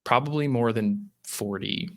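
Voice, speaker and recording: A man's voice: mid-range voice, measured pace. A man guesting on a casual crypto podcast, talking animatedly and acting out what users say. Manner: animated, acts out users' voices. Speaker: guest from a lending app.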